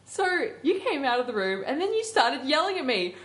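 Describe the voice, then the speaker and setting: A woman's voice: high voice, very animated, moderate pace, a bit bright. A young woman co-hosting a casual radio chat show, telling a story animatedly and laughing often.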